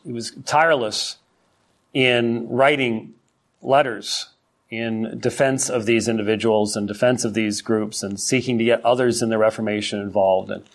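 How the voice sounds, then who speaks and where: A man's voice: fairly low pitch, steady tone, normal speed. A middle-aged man teaching a church history Sunday school class in a conversational way, with many fillers and restarts.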